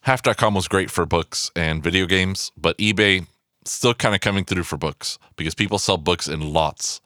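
A man with a very low, deep voice hosting a podcast solo. He rambles excitedly from aside to aside and swears freely. The sound is dry and close, with no room echo. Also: moderate pace. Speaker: podcast host. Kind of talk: casual podcast monologue. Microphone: podcast microphone.

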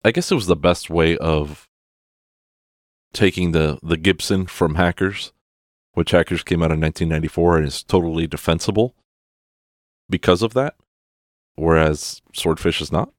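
A man's voice: low-pitched, moderate pace, pauses often, dry recording, clean studio sound. A man ranting casually about a film, sarcastic and exasperated, swearing often. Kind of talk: profane casual rant.

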